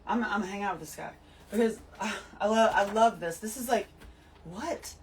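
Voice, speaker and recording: A woman giving an emphatic, animated spiritual talk to her listeners, full of swearing. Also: medium pitch, normal speed, distant mic, slight background noise, rough recording. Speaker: host. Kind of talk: spiritual monologue to camera.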